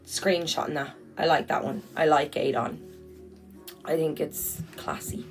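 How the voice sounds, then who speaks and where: Irish woman, lowish voice, casual blunt livestreamer on a phone, faint music behind. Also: measured pace, far from the mic, rough recording. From Ireland. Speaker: livestream host. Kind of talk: casual livestream chat reading comments.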